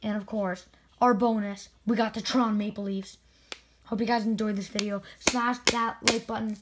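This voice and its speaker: A woman hockey video creator giving excited spin-the-wheel commentary with indignant outbursts. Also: mid-range voice, normal speed, low-quality recording.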